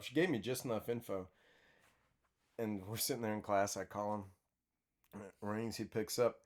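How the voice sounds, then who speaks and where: A man's voice: fairly low pitch, steady tone, moderate pace. Young man, podcast host, casual storytelling, laughs often, restarts sentences. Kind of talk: casual breakfast chat and storytelling.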